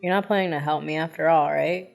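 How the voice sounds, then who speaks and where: A woman's voice: low voice, steady tone, fast talker, gravelly, faint music behind, pitched below the performer's own voice. Bitter defensive young male patient, read by a woman; curt, scornful lines.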